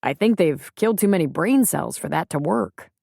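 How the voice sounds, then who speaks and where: A woman voicing a calm, plainspoken small-town man in an audiobook reading, with steady, reassuring delivery. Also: lowish voice, normal speed, vocal fry, dry recording, studio quality.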